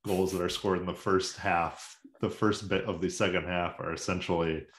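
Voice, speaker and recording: A lower-voiced man co-hosting a sports chat, full of sarcastic, animated asides. His voice bounces around a roomy, echoey space. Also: normal speed. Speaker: podcast co-host.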